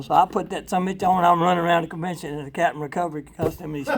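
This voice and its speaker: Gravelly, blunt older man sharing his story. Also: a little high, fairly even intonation, fast talker. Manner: blunt, profane and candid, rambling with fillers; laughs often, voice swings from loud to quiet. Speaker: speaker sharing at a recovery convention workshop. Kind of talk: personal recovery testimony to a live audience.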